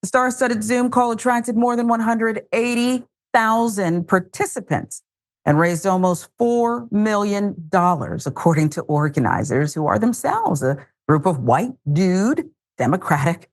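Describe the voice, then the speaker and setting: A woman's voice: mid-range voice, lively intonation, measured pace. A woman hosting a news commentary show, reading headlines casually with wry, joking asides.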